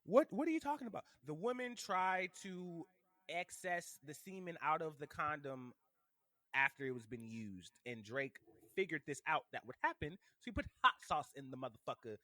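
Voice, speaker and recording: A man co-hosting a podcast, chatting casually in an animated, joking, rambling way. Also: fairly high pitch, moderate pace, no echo. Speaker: podcast co-host.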